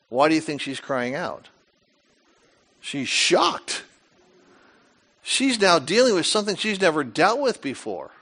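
Animated preacher with a bright voice. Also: male voice, a little high, measured pace, long pauses, slightly rough. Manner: animated, dramatic storytelling with rhetorical questions. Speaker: pastor. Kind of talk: sermon.

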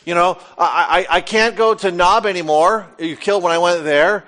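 A male pastor with a notably high-pitched voice delivers a folksy sermon. He reads the Bible aloud and voices its characters, turning to the congregation with playful asides. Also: moderate pace, fairly bright tone.

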